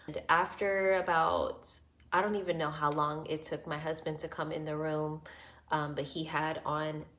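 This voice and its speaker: Low-voiced woman telling her birth story. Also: flat delivery, moderate pace, a bit bright. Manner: earnest and reassuring, with frequent fillers. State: emotional, close to tears. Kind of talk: personal storytelling to camera.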